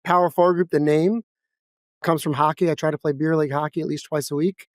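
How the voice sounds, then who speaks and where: A man with a New York accent, a guest in a casual interview, talking fast and bluntly with lots of energy. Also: fairly high pitch, steady tone, no echo, clean studio sound. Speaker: guest, financial advisor. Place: office.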